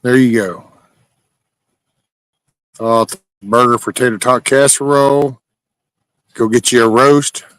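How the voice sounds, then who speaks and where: A livestream host from Southeast Texas reads viewers' comments and jokes with the chat in a laid-back, folksy, profane way. His medium-pitched voice is steady, smooth, and fairly bright, and he takes it slowly with frequent pauses; there's no echo.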